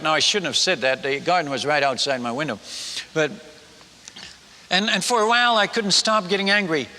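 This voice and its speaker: In a high, very bright voice and at a slightly fast pace, a male missionary tells his story in a sermon. He's animated and self-mocking, often stammering and restarting, while a large hall's long reverb follows each line.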